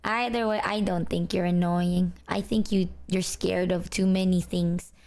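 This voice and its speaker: A young woman streamer in casual chat, talking in a relaxed, low-energy voice. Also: measured pace.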